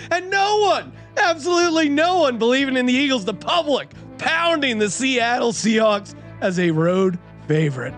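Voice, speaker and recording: A man's voice: sits high, a bit bright. A man co-hosting a sports betting podcast, talking in a brash, hyped, joking way and reading ads. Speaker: podcast co-host.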